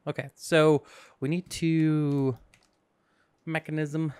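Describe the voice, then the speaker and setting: A man's voice: mid-range voice, a little slow, no room sound. Sleepy, goofy gaming host, a man. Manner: goofy, rambling, jokes to himself. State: sleepy, yawning. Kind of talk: casual let's-play commentary.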